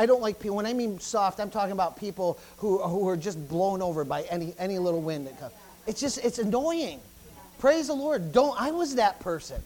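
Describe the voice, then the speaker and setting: A preacher delivering an emphatic sermon, breaking in with "praise the Lord" and "amen" and building up through repeated phrases. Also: mid-range voice. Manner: repeats phrases in driving runs.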